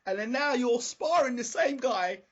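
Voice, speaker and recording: Lively high-pitched husky man. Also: moderate pace, muffled recording. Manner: lively, laughs readily. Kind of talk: casual interview chat.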